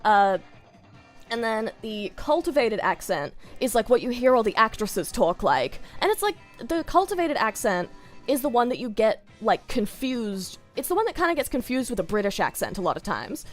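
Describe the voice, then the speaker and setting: A woman's voice: fairly high pitch, big pitch swings, moderate pace, soft background music. A woman with an Australian accent chatting casually on a stream, giggling often and rambling off on tangents.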